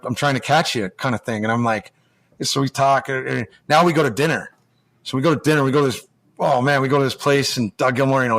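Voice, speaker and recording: An American man spins long, loose stories in an easy, mid-pitched voice. He keeps stopping, restarting and acting out what other people said. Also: a bit bright. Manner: rambling, full of restarts and acted-out quotes. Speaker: guest, former hockey player. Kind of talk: casual storytelling.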